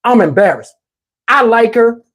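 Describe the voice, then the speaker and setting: A man casually telling a personal story, animated and slangy, often breaking into laughter, on a lapel mic. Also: very high-pitched, a little slow. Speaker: channel host telling a story. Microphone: wireless lapel mic.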